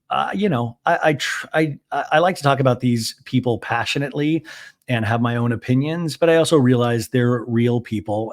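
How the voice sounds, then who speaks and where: A man hosting a casual recap podcast, talking in a chatty, rambling way and thinking aloud. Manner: mimics cast members in high mocking voices. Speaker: podcast host.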